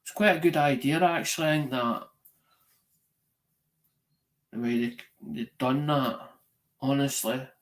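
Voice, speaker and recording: A middle-aged Scottish man hosts a live-stream show, speaking at normal speed in a mid-range voice. He chats casually and rambles through a story, peppering it with "right?" and swearing.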